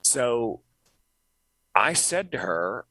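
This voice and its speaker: A middle-aged man, a comedian, telling an animated story as a podcast guest, jumping up in pitch when he quotes people. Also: extremely slow, no echo, poor audio. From North Carolina, US. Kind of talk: storytelling interview.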